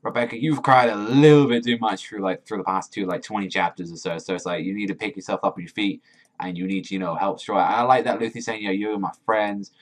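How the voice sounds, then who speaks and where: A man giving a casual chapter review, rambling with many "like"s, excitable and swearing freely. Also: on the low side, fast. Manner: rambling, heavy use of "like"; profane, excitable. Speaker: manga reviewer.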